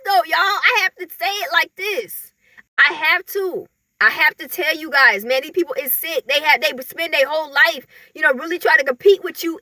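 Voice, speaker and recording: A woman talking casually into the camera, animated, often laughing and mimicking other people in mocking voices. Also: sits high, no echo. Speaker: vlogger.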